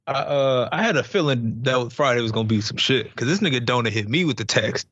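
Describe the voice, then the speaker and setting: Relaxed man on a slightly dull mic. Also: mid-range voice, brisk, breathy edge. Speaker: podcast co-host. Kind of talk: casual chat among friends.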